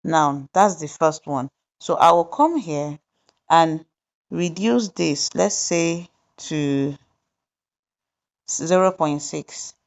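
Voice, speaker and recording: A woman with a low voice talks through a tutorial slowly and deliberately, one step at a time. She pauses with small fillers as she goes. The recording sounds slightly dull and lo-fi. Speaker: tutorial host. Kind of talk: screen-recorded software tutorial narration.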